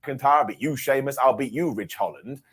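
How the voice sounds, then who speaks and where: A man's voice: mid-range voice, fairly quick, fairly bright tone, breathy edge. A man co-hosting a podcast, recapping wrestling in a playful, self-mocking way. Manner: playful, self-mocking storyteller who acts out quotes. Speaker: podcast co-host.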